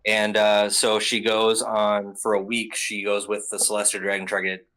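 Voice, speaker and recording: A man's voice: fairly low pitch, monotone, moderate pace, sharp tone, rough recording. A young adult man hosting a casual review show, rambling through a recap with many fillers and some swearing. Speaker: podcast host.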